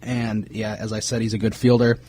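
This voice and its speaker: A man co-hosts a sports podcast, relaxed and loaded with fillers as he runs through player news and reads off signings. His voice is fairly low and brisk with a breathy edge.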